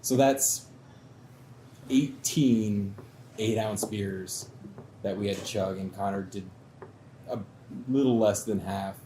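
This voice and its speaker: A man telling a drinking story in relaxed, wry casual chat, with some swearing. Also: on the low side, slow, long pauses. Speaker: show regular. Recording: echoey room with faint background noise.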